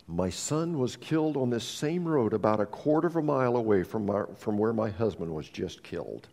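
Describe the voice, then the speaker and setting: A man preaching a sermon as pastor, telling stories earnestly and often restarting his sentences. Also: fairly high pitch. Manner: earnest storytelling with frequent restarts. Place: church sanctuary. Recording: long reverb of a church hall.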